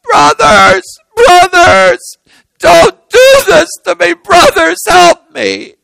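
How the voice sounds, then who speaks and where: A man's voice: expressive, brisk, creaky, fairly bright tone, dry recording, full character voice. A preacher voicing a young man, boastful at first and then desperately pleading from a pit. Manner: high, desperate crying out.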